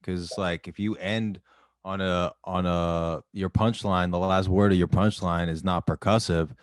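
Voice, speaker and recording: A man's voice: sits low, unhurried, no room sound, studio quality. A man hosting a podcast, chatting casually with short, easygoing replies. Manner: relaxed, brief agreeing replies. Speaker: podcast host. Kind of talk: casual chat.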